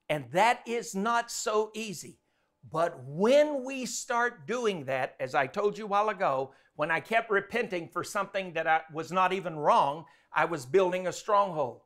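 High-voiced, bright, animated preacher. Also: male voice, moderate pace. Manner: animated, acts out quotes. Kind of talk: sermon.

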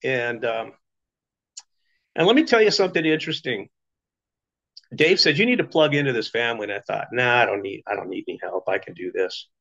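Middle-aged man, mid pitch, storyteller type, loose conversational delivery, lo-fi sound. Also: expressive, fairly quick, gravelly, long pauses, fairly bright tone. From Las Vegas, Nevada. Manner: chatty storytelling with fillers and acted quotes. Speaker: business testimonial speaker. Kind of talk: casual personal story. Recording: dull lo-fi recording.

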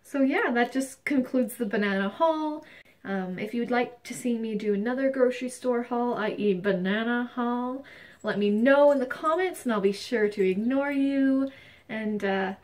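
A young woman in her twenties hosting a mock haul video in a deadpan, mock-earnest way, often dropping to a mutter. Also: on the high side, moderate pace, distant mic. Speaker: vlogger.

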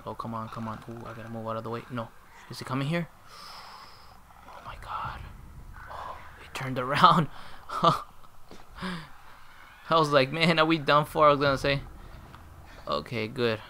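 A man giving excitable live gameplay commentary, reacting aloud and talking to his viewers as he plays. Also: mid-range voice, moderate pace, pauses often, slight background noise.

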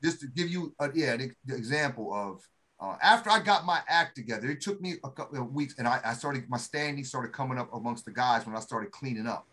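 A middle-aged man telling a story in a casual chat, animated and acting out the voices of the people he quotes. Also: mid-range voice, brisk, a little hiss or hum. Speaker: podcast co-host, Army veteran.

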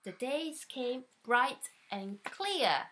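Slow, lively woman reading a storybook. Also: high voice, slight background noise. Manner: slow, animated and playful, talking to a small child. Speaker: storybook reader. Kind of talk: reading a children's picture book aloud. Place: at home.

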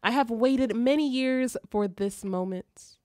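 A woman reading the lines of a calm, solemn male spirit guide in a slow, formal way. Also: a little high, no room sound, clean studio sound. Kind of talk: reading game dialogue aloud.

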